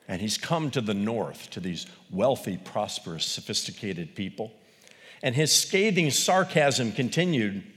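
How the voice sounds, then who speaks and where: A man preaching a sermon, animated, swinging between loud exclamations and quiet, quick asides. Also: mid-range voice. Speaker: pastor. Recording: long reverb of a large hall.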